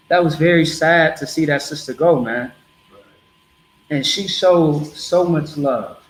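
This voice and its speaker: A man's voice: fairly high pitch, roomy sound, slight background noise, rough recording. A man preaching bluntly to a group in a streetwise, repetitive way.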